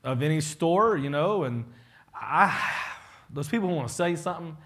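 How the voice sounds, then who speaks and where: A man's voice: fairly high pitch, expressive, moderate pace, fairly bright tone. A man, a pastor giving a casual, joking leadership talk to his congregation and acting out the people he quotes.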